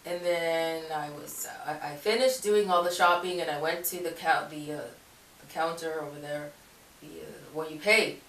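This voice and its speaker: A woman's voice: low-pitched, steady tone, normal speed, a bit bright, a little hiss or hum. A woman telling a personal faith story in a casual, rambling way, often correcting herself and laughing. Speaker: Christian video blogger. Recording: echoey room, voice far from mic.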